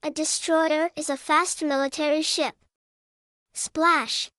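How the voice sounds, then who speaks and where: A woman narrating a scripted vocabulary lesson for young children, spelling words out slowly and adding playful sound words. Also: sits high, dry recording, studio quality. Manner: slow, even spelling-out with cheerful sound words. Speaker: vocabulary teacher.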